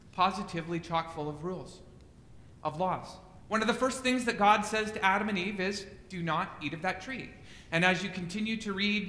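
A man preaches a sermon in an earnest, searching way, his bright voice sitting high. The sound rings through a long, reverberant hall with a faint rumble underneath. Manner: earnest preaching, voice rising sharply when voicing critics. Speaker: pastor.

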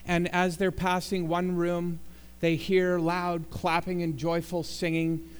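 A man's voice: high-pitched, completely flat delivery, takes it slowly, clean tone. A man preaching a sermon as pastor, telling jokes and building to emphatic appeals in a church sanctuary. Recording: long reverb in a large hall.

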